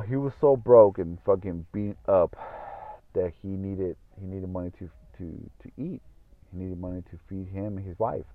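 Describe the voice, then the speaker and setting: A man's voice: deep voice, no room sound. A man telling a story in a casual monologue, rambling, repeating himself and swearing often. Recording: tinny phone-like audio.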